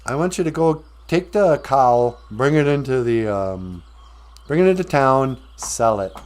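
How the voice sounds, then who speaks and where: An exasperated fairy-tale mother, as a man puts her on, nagging and sarcastic, speaking slowly. The voice stays close to his everyday one. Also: medium pitch, expressive, a little mellow, natural voice. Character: exasperated scolding mother of Jack.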